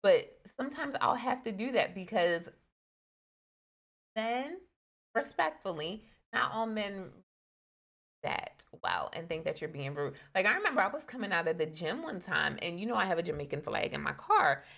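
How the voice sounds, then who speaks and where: A woman's voice: lowish voice, big pitch swings, normal speed, vocal fry, fairly bright tone. A young adult woman co-hosting a casual relationship podcast, telling candid stories in an earnest way. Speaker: podcast co-host. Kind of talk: casual chat.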